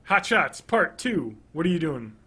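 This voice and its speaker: A man in his thirties co-hosting a podcast, chatting casually and enthusiastically, rambling and swinging between loud bursts and quiet mumbles. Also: a little high, big pitch swings, a little slow, husky. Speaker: podcast co-host. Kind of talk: casual chat.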